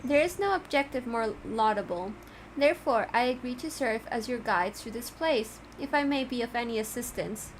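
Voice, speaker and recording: A woman's voice: a little high, lively intonation, moderate pace, slight background noise, natural voice, poor audio. A woman reading the lines of a pompous, verbose male cat with formal, flowery speech, in a game. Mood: grandiloquent.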